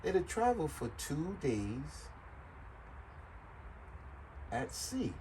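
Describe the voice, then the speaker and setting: A man explaining things in a casual, joking way, circling back and repeating himself. His voice swings widely in pitch and sits a little high, and it sounds animated. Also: drawn-out words, a little hiss or hum, rough recording. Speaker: vlogger.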